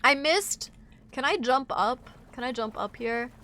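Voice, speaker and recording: Woman, twenties, sick and sleepy, streamer chat, piercing bright tone. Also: high-pitched. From Wisconsin, USA. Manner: chatty, scattered, quick swings into loud excited outbursts. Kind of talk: casual live-stream chat while gaming.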